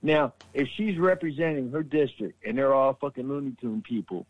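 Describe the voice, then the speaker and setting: A man's voice: medium pitch, moderate pace, dry recording. A man co-hosting a casual political chat show, rambling and swearing with stammering restarts, on a dull lo-fi microphone. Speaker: podcast co-host. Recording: dull lo-fi mic.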